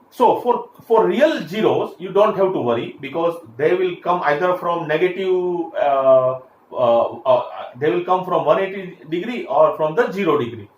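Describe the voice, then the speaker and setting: A high-pitched engineering lecturer gives a classroom lecture in an echoey room with faint background hiss. He explains step by step, with frequent fillers and restarts.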